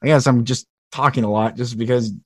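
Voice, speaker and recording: A man's voice: medium pitch, steady tone, a little fast, no room sound, studio quality. A man hosting an interview podcast, talking in an earnest, emotional, heartfelt way. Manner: earnest, emotional, speaks passionately. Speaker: podcast host.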